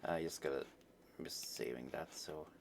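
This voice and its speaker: A man reading a webcomic aloud on a live stream, chatting in a relaxed way between lines. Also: very deep voice, normal speed, creaky, slight background noise.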